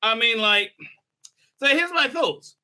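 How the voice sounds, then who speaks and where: Bright-voiced man, lively rambling commentary. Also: extremely high pitch, takes it slowly. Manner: rambling and sarcastic, laughs often. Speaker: rabbi and political commentator. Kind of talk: casual commentary monologue.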